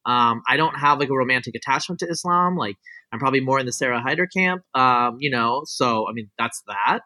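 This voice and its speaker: With a medium-pitched, sharp-toned voice, this man talks as a guest scientist in a relaxed interview. He rambles, offers strong opinions, explains his views at length and leans on "like" and "you know."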